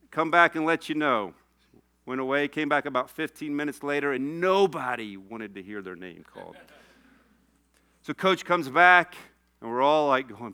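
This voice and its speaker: Male preacher, bright and crisp, slightly high voice; story-driven sermon with fervent build. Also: lively intonation, moderate pace. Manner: storytelling, rising to passionate exhortation. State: tearful.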